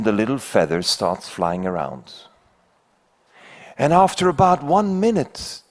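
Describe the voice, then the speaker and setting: An older man from Belgium, not an English speaker, giving a conference talk and telling a fable with rhetorical questions to the audience. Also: medium pitch. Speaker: keynote speaker. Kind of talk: conference speech with a told fable. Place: conference hall.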